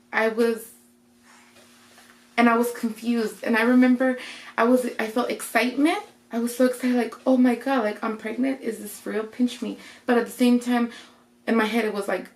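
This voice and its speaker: A young woman casually telling a personal story, acting out what people said along the way. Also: medium pitch. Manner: chatty, retelling with quoted voices. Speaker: vlogger. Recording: roomy echo.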